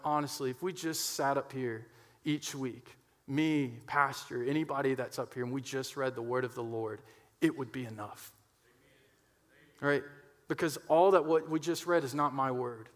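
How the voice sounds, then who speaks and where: A man's voice: mid-range voice, long reverb tail. A man preaching a sermon to his church, emphatic and getting fired up, often checking in with "right?". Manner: gets fired up.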